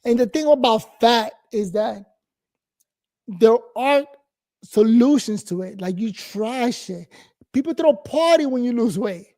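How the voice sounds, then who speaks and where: A man's voice: extremely high pitch, lively intonation, measured pace, warm tone. A man in his forties from New York, giving a blunt, profane, rambling casual monologue as host.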